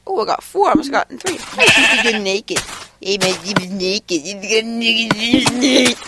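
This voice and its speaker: A man's voice: sits high, lively intonation, normal speed. A male gamer rambling hyperactively over his gameplay, giggling and making random noises. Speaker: gameplay commentator. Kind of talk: casual let's-play commentary. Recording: noisy home recording.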